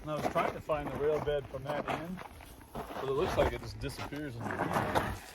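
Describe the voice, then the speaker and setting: A man's voice: a little high, normal speed. A man on an outdoor trip, chatting casually and making offhand jokes. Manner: offhand, joking remarks. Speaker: companion on the trip. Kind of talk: casual chat. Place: outdoors in desert backcountry. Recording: distant, noisy outdoor audio. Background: loud outdoor noise.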